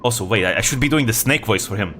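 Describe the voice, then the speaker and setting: A man streaming a game, making relaxed asides to his chat. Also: fairly low pitch, quick pace, a little hiss or hum. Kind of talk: casual gaming stream chat.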